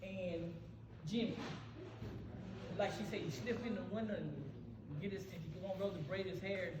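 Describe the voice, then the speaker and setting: A man's voice: high voice, steady tone, moderate pace. An older man giving a folksy tribute speech at a family birthday, laughing as he tells stories about his family. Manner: folksy, laughing, talks back to the crowd. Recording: echoey, distant, loud crowd and noise.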